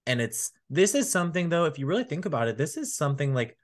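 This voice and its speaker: A man's voice: a little high, sing-song, fast talker. A man co-hosting a music podcast, rambling casually with many fillers and frequent laughs. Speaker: podcast co-host. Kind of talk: casual chat.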